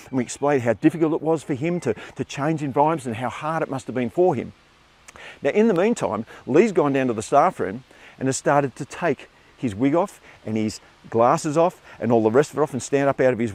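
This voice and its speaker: On a theatre stage, a former teacher, an older man with an Australian accent, tells a story live in a mid-range voice. He's animated throughout, acting out the voices of the story's characters.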